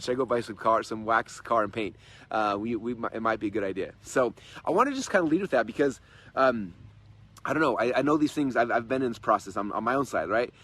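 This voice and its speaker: A man in his thirties giving an energetic, repetitive, persuasive motivational talk on a livestream from his in-laws' home. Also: medium pitch, breathy edge. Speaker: host and coach.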